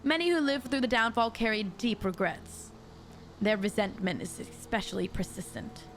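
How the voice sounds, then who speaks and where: A woman streaming a mystery game, reading the dialogue aloud and breaking off into excitable, jokey asides to her chat. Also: mid-range voice, normal speed, soft background music. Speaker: VTuber streamer.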